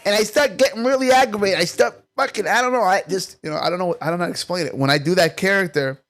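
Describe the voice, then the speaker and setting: A man's voice: high-pitched, a bit bright. A man from Staten Island, a comedian guest telling stories in casual, profane chat. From Staten Island, New York. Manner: profane, rapid storytelling.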